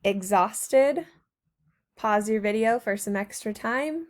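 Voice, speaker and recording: A woman's voice: medium pitch, takes it slowly. A woman teacher narrating a recorded slideshow lesson to her students, patient and encouraging, speaking to them directly.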